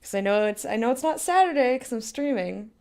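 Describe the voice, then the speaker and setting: A woman's voice: fairly high pitch, lively intonation, brisk, a little mellow. Chatty young woman game streamer. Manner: chatty, laughs often, rambling tangents. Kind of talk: casual chat with stream viewers.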